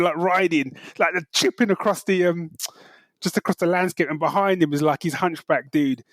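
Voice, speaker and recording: Animated, higher-voiced male podcast co-host. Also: normal speed, no room sound. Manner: animated storyteller who hums theme tunes. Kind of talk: casual chat.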